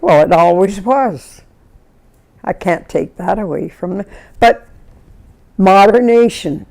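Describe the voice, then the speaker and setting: A woman's voice: fairly low pitch, gravelly. A woman, recalling her life in an oral history interview and acting out the people in her stories. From Canada. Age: 90s. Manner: lively storyteller who acts out the people in her stories.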